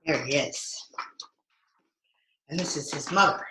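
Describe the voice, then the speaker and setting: A woman teaching yoga to young children, reading a picture book aloud in a playful, animated way with slow, clear cues. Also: deep voice, reverberant, slight background noise. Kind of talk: interactive storytelling with yoga cues for kids.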